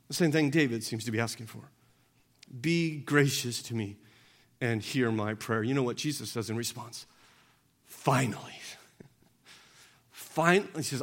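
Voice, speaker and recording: A man's voice: fairly high pitch, fairly bright tone. A man preaching a sermon conversationally, asking the congregation questions, acting out quoted voices, stumbling and repeating words as he goes. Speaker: pastor. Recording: long reverb of a large hall.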